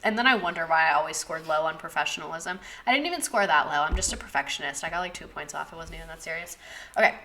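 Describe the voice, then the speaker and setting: A woman's voice: deep voice, quick pace, bright, forceful tone. A young woman teacher giving a casual history lesson, chatty and sarcastic, swearing and drifting into tangents.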